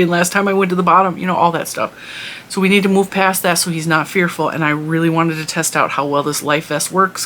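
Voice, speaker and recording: A woman's voice: low voice, fairly bright tone, a little hiss or hum. A woman telling a long story in a casual vlog, chatty and rambling with lots of restarts. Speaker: vlogger and mother.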